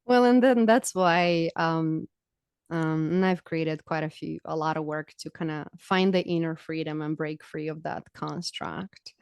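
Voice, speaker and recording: Woman on a podcast, expressive and emphatic, lowish voice, really dry close sound. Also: a little slow, vocal fry, clean tone, dry recording. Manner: expressive, emphatic, laughs easily. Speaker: podcast guest, spiritual teacher. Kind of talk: casual podcast conversation.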